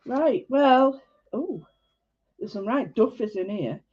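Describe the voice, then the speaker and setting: A woman's voice: on the high side, animated, measured pace, lo-fi sound, slight background noise. Chatty woman hosting a live art class. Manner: chatty, warm greetings, self-interrupting. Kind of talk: casual livestream art lesson.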